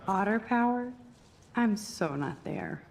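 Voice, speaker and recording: A wry teenage game heroine. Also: female voice, mid-range voice, lively intonation, takes it slowly, gravelly, a little hiss or hum. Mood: dry. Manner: dry, offhand remarks. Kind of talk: video game voice acting.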